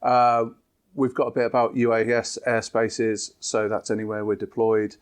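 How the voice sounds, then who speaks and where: A man, an app developer, calmly explaining new features in an interview. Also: fairly low pitch, normal speed, clear, resonant tone. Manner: steady, explanatory, with fillers.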